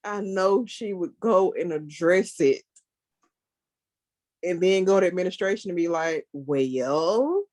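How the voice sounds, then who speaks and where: A woman in casual chat who is chatty and quick to chime in. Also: lowish voice, fairly even intonation, darkish tone, no echo.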